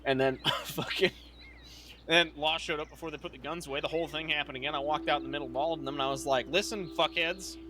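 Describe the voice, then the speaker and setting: A young man in character in a western roleplay game, retelling events in a profane, animated storytelling manner. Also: a little high, fast, noisy background.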